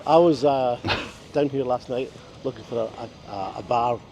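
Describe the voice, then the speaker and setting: An easygoing man with a mellow, warm voice tells short stories as he walks along a town street. His tone stays relaxed and conversational. Faint street noise carries on around him. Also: medium pitch, unhurried. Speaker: co-host. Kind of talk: casual chat.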